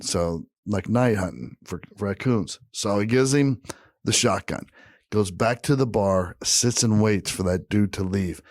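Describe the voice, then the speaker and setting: A man's voice: on the low side, a little slow, dry recording, clean studio sound. A man hosting a podcast, telling a family story casually, swearing freely and acting out the people in it. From Eastern Kentucky family roots. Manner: profane, animated, acts out quoted voices. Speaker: podcast host.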